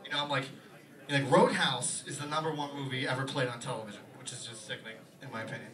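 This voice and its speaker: Fast-talking young man doing stand-up. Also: medium pitch, steady tone, distant mic. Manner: rapid rambling delivery with fillers. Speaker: stand-up comic. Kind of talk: stand-up comedy set. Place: small pub stage. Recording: echoey bar room, mic from afar, loud crowd.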